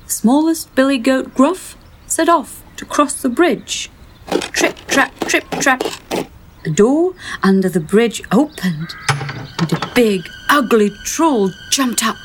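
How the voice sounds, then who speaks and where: A woman reading a children's story aloud as narrator, clearly and expressively. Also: on the high side, animated, measured pace, a little hiss or hum.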